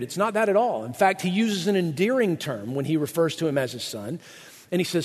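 A man preaching a sermon as pastor, animated, acting out quotes in playful voices. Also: high-pitched, a little fast, breathy edge, in a large hall.

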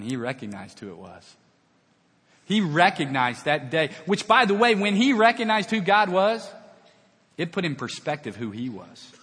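A man's voice: on the high side, a bit bright, husky. A man preaching a sermon, telling a Bible story with dramatic acted-out dialogue. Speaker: pastor. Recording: long reverb of a large hall.

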